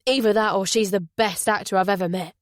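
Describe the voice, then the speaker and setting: A woman reading a guarded, conflicted male detective in an audiobook, in a plain, measured voice. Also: mid-range voice, steady tone, no echo, studio quality, natural voice. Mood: tense.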